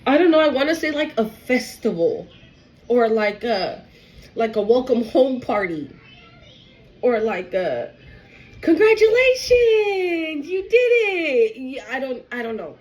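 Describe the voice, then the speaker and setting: Woman, casual spiritual card reading, swears a lot, slightly high pitch. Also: expressive, measured pace, darkish tone, highs cut off. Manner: emotional, swearing, talks straight to the viewer. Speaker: tarot reader.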